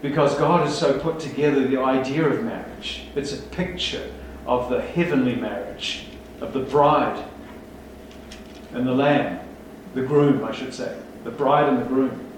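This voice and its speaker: A man's voice: mid-range voice, measured pace, a little hiss or hum. A man preaching a sermon as pastor, emphatic and rousing, with rhetorical questions to his congregation. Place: large church hall. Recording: echoey hall, speaker far from mic.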